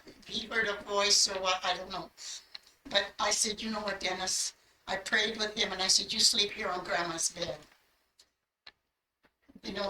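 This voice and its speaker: A woman's voice: mid-range voice, bright, forceful tone, slight background noise. An older woman telling her life story in earnest, acting out the words she remembers saying. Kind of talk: personal storytelling. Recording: echoey room, voice from a distance.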